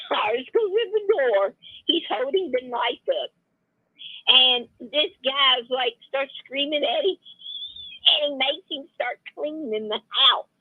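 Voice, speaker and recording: A woman with a high, breathy voice calls in to chat. She talks slowly, giggles, and trips over her words. The call comes through a tinny phone line with a dry sound. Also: dry recording. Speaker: caller.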